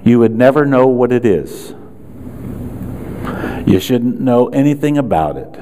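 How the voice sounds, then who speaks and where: Seminar speaker, man, mid-pitched, punchy and sarcastic, faint hiss behind. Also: lively intonation, unhurried, dark tone. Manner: punchy, rhetorical questions, sarcastic asides. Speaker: chiropractic management speaker. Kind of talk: seminar talk to chiropractors.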